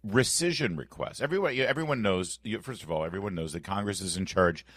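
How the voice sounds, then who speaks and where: Radio host, male, deep register, lively and emphatic, wry sarcasm, dry studio mic. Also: fast, no echo. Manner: emphatic, animated, playfully sarcastic. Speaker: radio talk show host. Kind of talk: morning talk radio banter. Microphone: studio microphone.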